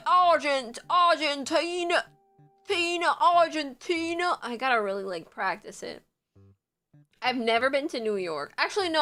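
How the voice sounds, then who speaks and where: A woman's voice: on the high side, fairly bright tone. Giggly young Puerto Rican woman streaming. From Puerto Rico. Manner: chatty, giggly, rambling with many fillers. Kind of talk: casual livestream chat.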